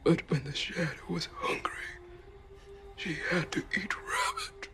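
An eerie, strained doppelganger woman drags out every word in a rasping whisper. Her pitch swings wildly as she creeps through the tale. Faint film music sits under the voice. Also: wildly swooping pitch, unhurried, sharp tone, full character voice. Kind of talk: film clip.

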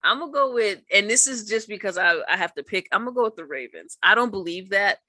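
A woman's voice: medium pitch, animated, a little fast, sharp tone, no echo. A woman co-hosting a podcast, chatting casually about sports, laughing often and doubting her own picks. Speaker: podcast co-host.

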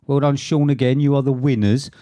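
A man's voice: mid-range voice, fairly even intonation, fairly quick, dark tone, no echo, clean studio sound. A man hosting a casual podcast quiz, rambling, with repeated restarts. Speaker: podcast host.

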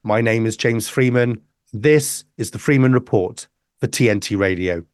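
A man's voice: on the low side, normal speed, no echo, clean studio sound. A man hosting a talk radio show, chatting and bantering with his co-host while a bit under the weather. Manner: bantering, self-deprecating.

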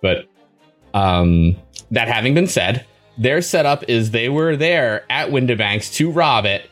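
A man co-hosting a podcast in easygoing conversation, his voice sitting at an ordinary middle pitch. He rambles and hesitates, circling back on himself with plenty of fillers. Faint music plays quietly behind him. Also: expressive, measured pace. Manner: rambling, many fillers and restarts. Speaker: podcast co-host. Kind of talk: casual chat.

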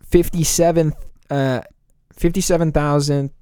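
A man's voice: fairly high pitch, steady tone, measured pace, mellow, clean tone, no echo, clean studio sound. A man co-hosting a casual podcast, telling a history story with jokes and frequent laughs. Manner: laughs often, jokey storytelling. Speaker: podcast co-host. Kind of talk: casual chat.

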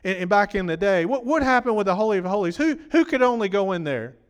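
A man's voice: sits high, expressive, fast talker, smooth, in a large hall. A man preaching a sermon, talking conversationally and quizzing the congregation, his voice worn from preaching.

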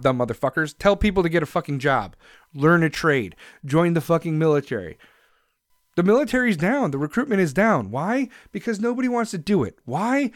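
A man's voice: fairly high pitch, no room sound, studio quality. A man delivering an angry, profane rant to camera, aggressive and swearing constantly. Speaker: vlogger.

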